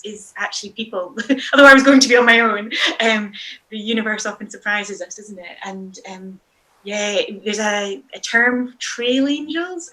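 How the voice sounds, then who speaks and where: A woman's voice: medium pitch, bright, forceful tone. A woman guest telling stories from a long-distance hike in a casual interview, rambling with many hesitations and small laughs.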